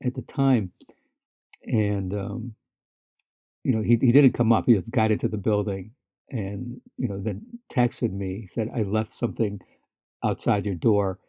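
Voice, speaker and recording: A man's voice: fairly low pitch, steady tone, measured pace, long pauses, slightly rough, no echo, lo-fi sound. A man co-hosting a podcast, telling stories in casual chat with many restarts and fillers, laughing now and then. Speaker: podcast co-host.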